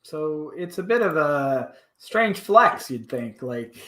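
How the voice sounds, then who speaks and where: A man co-hosts a casual podcast. His voice is high and bright, and he answers calmly and agreeably. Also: slow pace. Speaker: podcast co-host.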